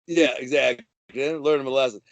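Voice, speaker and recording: A man's voice: medium pitch, fairly even intonation, a little fast, vocal fry, dry recording. A man telling a wild story in casual, brash, slangy talk. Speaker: guest telling prison-life stories.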